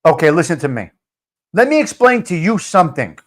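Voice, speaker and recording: A man's voice: a little high, very animated, a little fast. Blunt, swearing male live-stream host. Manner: profane, repetitive ranting; blunt and fired up. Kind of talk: casual live-stream chat answering viewer comments.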